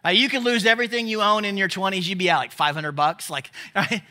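Male pastor, high bright voice, chatty sermon delivery, quizzes the congregation. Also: fairly even intonation, fast talker. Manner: conversational, asks the crowd questions. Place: church service.

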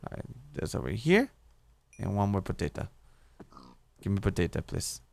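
A man's voice: low voice, huge pitch swings, normal speed, gravelly. A young man commentating his own game play, talking to himself, swearing often and repeating words when he panics. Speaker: gaming YouTuber. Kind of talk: casual let's-play commentary.

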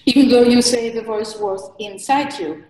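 A woman interviewing a guest, asking questions slowly and gently, with affirming murmurs. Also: fairly high pitch. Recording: echoey, distant from the mic.

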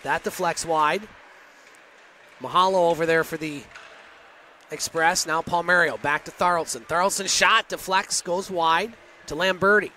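Play-by-play man, high and bright, quick clipped calls, faint hiss behind. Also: steady tone. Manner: rapid, clipped play calls with chatty asides. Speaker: play-by-play announcer. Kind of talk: hockey play-by-play commentary.

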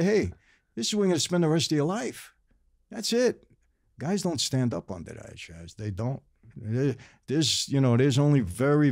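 A man's voice: mid-range voice, a little mellow, dry recording, clean studio sound. A man in his sixties with a New York accent, a guest speaking earnestly and emphatically in a casual interview, repeating points for stress.

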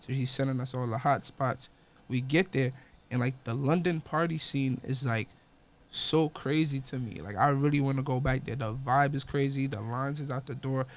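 A man with a New York accent hosting a podcast, telling stories in an excitable, laughing way. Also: mid-range voice, moderate pace. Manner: excitable, storytelling, laughs often. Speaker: podcast host. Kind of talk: casual podcast chat.

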